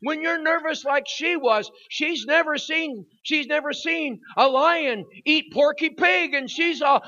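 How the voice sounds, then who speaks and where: An older man preaching at a youth service, telling a story with growing drama and shouting at its peak. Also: very high voice, unhurried. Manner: animated storyteller, voice rising to shouts at the climax. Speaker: guest preacher. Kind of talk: storytelling sermon. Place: church hall at a youth service. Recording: dull lo-fi recording.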